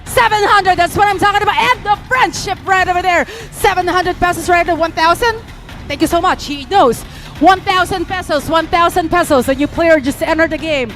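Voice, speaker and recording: A woman with a Filipino accent, hosting a live auction at an event, calling bids in an energetic, playful way. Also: extremely high pitch, fairly quick, faint music behind. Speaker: auctioneer host. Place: live esports event venue.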